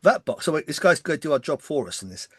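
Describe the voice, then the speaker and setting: Fast-talking English man, West Country hint. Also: fairly high pitch, very animated, a bit bright, husky, no echo, studio quality. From West Country, England. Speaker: podcast co-host. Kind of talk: casual chat.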